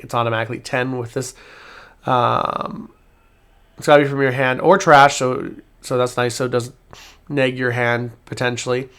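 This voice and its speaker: A man's voice: mid-range voice, fairly bright tone, smooth. A man hosting a card game channel, reading card text aloud with fillers and self-corrections in a casual review.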